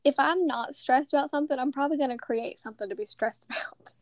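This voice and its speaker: A young woman co-hosting a podcast, chatting freely with plenty of fillers and frequent laughter. Her voice sits a little high, and the recording is dry and close, with no room sound. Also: fast, dry recording. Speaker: podcast co-host. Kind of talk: casual chat.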